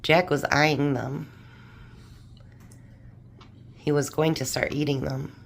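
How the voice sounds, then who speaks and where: A chatty home-cooking vlogger, a woman with a low, deep-set voice. She talks easily to her viewers as she assembles and tastes food in her kitchen, keeping a homey, unhurried tone. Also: steady tone, creaky. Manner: chatty, homey, talks while eating and tasting. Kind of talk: casual cooking chat to camera.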